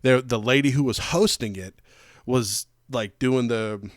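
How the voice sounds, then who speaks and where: A man with a drawl tells a long, winding anecdote, often restarting his sentences. His voice sits at an ordinary middle pitch. The sound is dry and close to the mic. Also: measured pace, no room sound. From Georgia, USA. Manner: rambling, animated anecdotes with frequent restarts. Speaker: podcast host. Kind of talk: casual storytelling chat.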